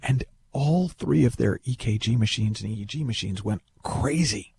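A man telling a story in a relaxed, animated way, often repeating words as he thinks aloud. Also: lowish voice, normal speed, gravelly, slight background noise. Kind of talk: casual storytelling talk.

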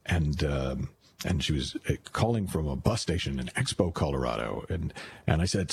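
Deep, gravelly man telling stories. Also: moderate pace, slight background noise. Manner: rambling, animated, many restarts. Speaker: radio show host. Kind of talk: casual storytelling.

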